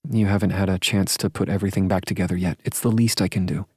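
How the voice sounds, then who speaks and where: A man voicing a warm, teasing young woman who speaks in a playful, insistent way in an audiobook. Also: deep voice, fairly even intonation, quick pace, slightly rough, no echo, studio quality, voice pushed up.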